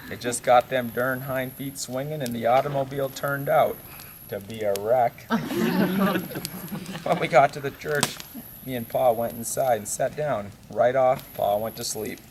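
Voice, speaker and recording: A man's voice: mid-range voice, steady tone, moderate pace, background noise. Man with a drawl. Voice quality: drawling hick dialect, chuckles at his own punchlines. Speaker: campfire storyteller. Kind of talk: folksy comic monologue. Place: outdoors at a campfire.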